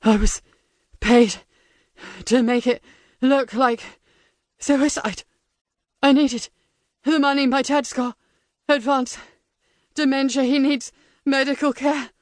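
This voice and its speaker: A frightened male prison guard pleads in short, breathless bursts, as a woman narrator voices him. His voice sits high and strained, recorded close and dry. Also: normal speed, no room sound, natural voice. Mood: desperate.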